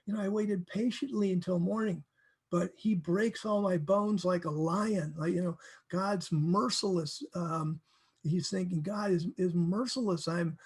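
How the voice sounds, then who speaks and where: A man teaching from the Bible in a casual, animated way, acting out verses and laughing often. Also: sits high, measured pace, gravelly, husky.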